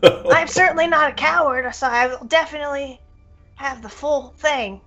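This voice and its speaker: Female player, cheerful and giggly, high voice. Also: moderate pace, fairly bright tone, muffled recording, faint music behind. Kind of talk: casual tabletop game chat.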